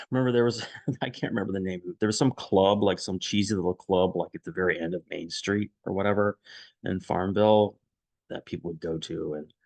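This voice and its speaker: A man casually recalling a friendship, quiet and reflective, halting with many restarts and fillers, audibly emotional. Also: fairly low pitch, gravelly, no room sound. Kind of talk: casual personal storytelling.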